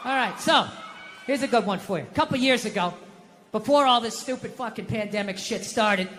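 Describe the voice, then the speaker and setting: A man's voice: high-pitched, fairly quick, a bit bright, slight background noise. Man, stand-up comic, profane sardonic rant, stage mic in a big open-air venue, long reverb, busy ambience. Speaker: stand-up comedian. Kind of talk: stand-up set. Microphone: stage microphone.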